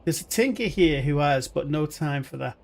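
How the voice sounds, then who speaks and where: A man's voice: on the high side, expressive, moderate pace, creaky. A man live-streaming a video game, rambling chattily and talking to his chat viewers. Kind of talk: live gaming stream commentary.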